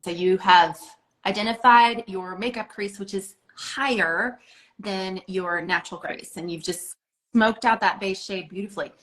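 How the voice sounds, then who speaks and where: A woman's voice: medium pitch, a little slow, fairly bright tone, poor audio. Woman walking someone through eye makeup step by step, encouraging, lots of "like" and "you know". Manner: encouraging, hands-on coaching with filler words. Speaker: makeup instructor. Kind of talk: instructional makeup tutorial.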